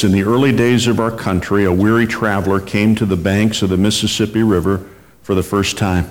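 A man preaching a sermon in an earnest, measured way, reading long quotations aloud. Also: fairly low pitch. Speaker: pastor. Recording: reverberant hall.

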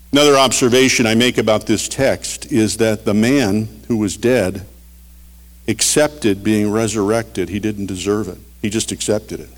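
A man preaching a short radio devotional, earnest, swinging between emphatic lines and hushed ones. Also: fairly low pitch.

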